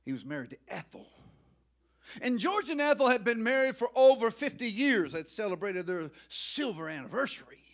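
A male pastor preaching a sermon in a church, emotional and excitable, rising to loud outbursts. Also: high-pitched, normal speed. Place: church sanctuary.

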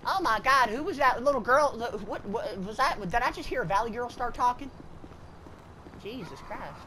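A woman gamer talking loud, goofy and profane in online party chat, drawling "y'all" and "feller". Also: a little high, animated, normal speed, background noise. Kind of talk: rowdy party chat while gaming.

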